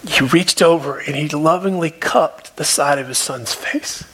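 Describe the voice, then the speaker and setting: Man, pastor, sermon, slow delivery, husky voice, hushed emphasis. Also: fairly high pitch. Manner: storytelling, shifts between soft hushed tones and raised emphasis. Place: church.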